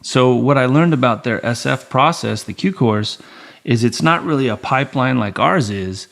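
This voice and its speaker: A man's voice: mid-range voice, normal speed, creaky. A man in his forties, a podcast guest telling stories casually and acting out the dialogue, with a bit of swearing. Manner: animated, acts out dialogue with quoted voices, swears casually. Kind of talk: casual storytelling interview.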